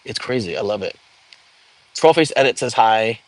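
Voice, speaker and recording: A man's voice: lowish voice, animated, moderate pace. A young man hosting a casual livestream, reading viewer comments aloud and chatting back in an easygoing way. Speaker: livestream host. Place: home.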